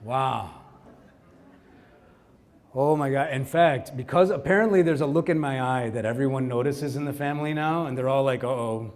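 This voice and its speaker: Animated man telling a personal story. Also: medium pitch, moderate pace. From Kerala, India. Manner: animated storytelling, acts out quotes. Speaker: conference speaker. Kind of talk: storytelling keynote talk.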